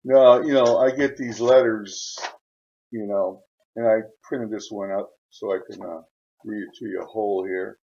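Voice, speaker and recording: A man hosting his channel, retelling a viewer's letter in a rambling way, chuckling often and filling pauses with "uh.". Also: fairly low pitch, fairly even intonation, creaky, a little mellow, dull audio. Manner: rambling, chuckling, frequent fillers. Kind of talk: casual storytelling.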